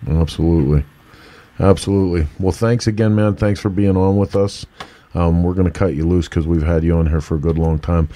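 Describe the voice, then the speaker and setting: A man with a Pittsburgh accent hosts in an easygoing, chummy manner. His voice sits very low and sounds warm and relaxed. He is eager and laid-back. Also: brisk. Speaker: show host. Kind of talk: casual interview chat.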